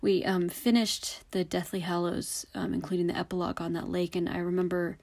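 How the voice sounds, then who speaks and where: A woman in her thirties casually telling personal memories, rambling with lots of fillers and restarts, fond and animated. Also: fairly low pitch, a little fast.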